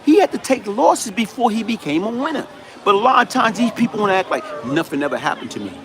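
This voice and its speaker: Middle-aged New man, higher voice, live-streams a story in street slang with faint noise behind. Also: big pitch swings, fast. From New York City. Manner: emphatic street-slang storytelling, repeats "you know what I'm saying". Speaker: livestream host.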